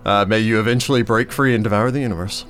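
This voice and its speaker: A man's voice: on the low side, fairly even intonation, fast, fairly bright tone, smooth, soft background music. A man co-hosting a tabletop game podcast in casual chat, playful and joking. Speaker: podcast co-host.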